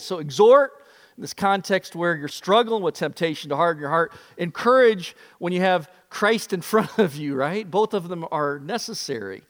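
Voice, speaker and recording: A man preaching a sermon, an animated storyteller who acts out the voices in his stories. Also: sits high, big-room sound. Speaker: pastor.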